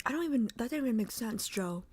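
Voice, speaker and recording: Her pitch is fairly high and her delivery animated and quick, the voice a little mellow and husky. She's a young livestream host rambling along with viewers, leaning heavily on filler words.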